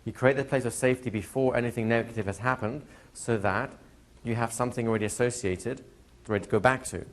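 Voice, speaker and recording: A man teaching a hypnosis class to a live audience, talking in a relaxed way and slowing into soft hypnotic suggestions. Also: medium pitch. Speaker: hypnosis trainer. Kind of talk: live training lecture. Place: training room with a seated audience.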